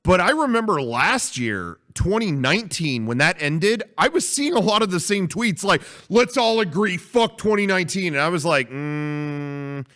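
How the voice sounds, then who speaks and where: A man on a podcast spinning a rambling, animated story, swearing freely. His voice sits a touch high and swoops widely up and down as he goes. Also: measured pace, few pauses. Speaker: podcast co-host. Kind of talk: casual podcast chat.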